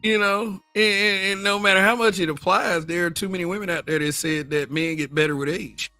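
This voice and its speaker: A middle-aged man with a Southern accent holds forth on a livestream, blunt and full of profanity, laughing at his own points as he answers his chat. His voice sits a little high and sounds bright and forceful. The sound is dry and close, with faint music underneath. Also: steady tone, a little fast, dry recording. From American South. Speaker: livestream host. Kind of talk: casual livestream commentary.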